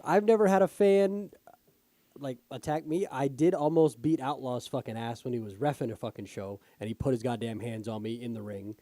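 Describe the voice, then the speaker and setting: A man's voice: medium pitch, fairly quick, dark tone, no echo. A man co-hosting a casual podcast, talking bluntly and swearing heavily. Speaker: podcast co-host. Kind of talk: casual chat.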